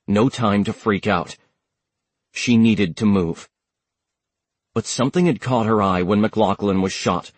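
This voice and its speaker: A man reading an audiobook in a steady, measured narration. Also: lowish voice, no room sound. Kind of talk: scripted narration.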